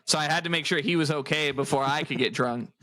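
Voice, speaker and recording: A man's voice: a little high, fast talker, bright, forceful tone. A man co-hosting a podcast, telling stories in casual chat, laughing often and swearing freely. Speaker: podcast co-host.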